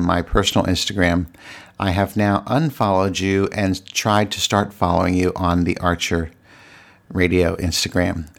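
A man hosting his own solo podcast in a candid, exasperated, rambling way, full of restarts and stammered repeats. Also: low voice. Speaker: podcast host. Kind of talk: casual solo podcast monologue. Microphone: desk podcast mic.

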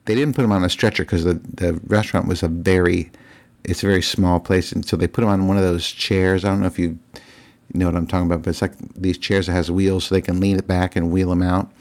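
A man's voice: low-pitched, little pitch movement, fast, darkish tone. A man telling a rambling, casual story to his viewers, with lots of fillers and restarts and chuckling at his own tale. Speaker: vlogger.

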